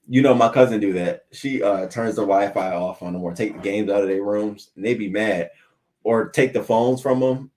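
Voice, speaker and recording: A man with a slightly low voice hosts a casual morning news show from his swivel chair at home. He talks loosely and swears freely. He answers viewers' comments as they come in. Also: a little mellow.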